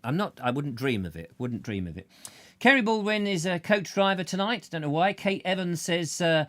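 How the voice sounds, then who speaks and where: A man's voice: on the high side, expressive, moderate pace, a bit bright, no room sound. A man hosting a live chat show, greeting viewers by name in a rambling, jokey way full of silly asides. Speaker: show host.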